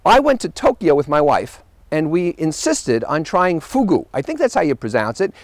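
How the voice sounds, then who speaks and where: A man hosting a show, telling travel stories in an animated monologue with wry punchlines. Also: fairly high pitch, moderate pace, no room sound. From United States. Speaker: host.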